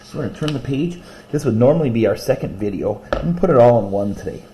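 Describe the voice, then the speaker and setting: A male teacher in a recorded lesson video, explaining vocabulary and reading short poems aloud slowly and rhythmically. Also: medium pitch, lively intonation, dark tone, roomy sound, slight background noise.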